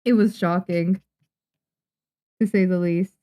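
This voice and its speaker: A young Japanese woman, a manga artist, chatting casually on a livestream while she draws, muttering and calming herself down. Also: on the low side, takes it slowly. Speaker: manga artist streaming her drawing.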